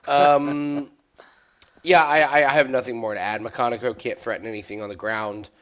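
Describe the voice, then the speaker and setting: Excitable, laughing man talking fight picks. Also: medium pitch, normal speed. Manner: excitable, laughs often, stammers on restarts. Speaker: sports betting analyst. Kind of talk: casual podcast chat.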